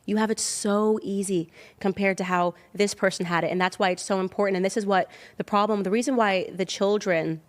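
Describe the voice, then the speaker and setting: A woman in her thirties talking casually as a podcast guest, emphatic and animated, jumping up in pitch when she acts out other people. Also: fairly quick, hardly any pauses. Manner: emphatic, animated storytelling with sudden pitch jumps. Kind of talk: casual chat.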